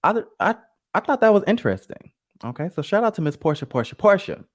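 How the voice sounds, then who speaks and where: A man hosts a live gossip stream, chatty and sassy, speaking straight to his chat in casual commentary. His voice is high and talks fast, with big swings in pitch.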